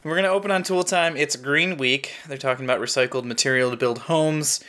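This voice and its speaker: A man's voice: medium pitch, a little fast, bright, forceful tone. A man co-hosting a casual podcast in an upbeat way, reading out episode facts and laughing often. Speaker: podcast co-host.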